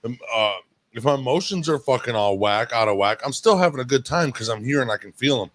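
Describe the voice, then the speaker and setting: A man's voice: medium pitch, lively intonation, fast talker, fairly bright tone, no echo. A man co-hosting a casual chat show, telling stories in a blunt, profane way. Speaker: podcast co-host.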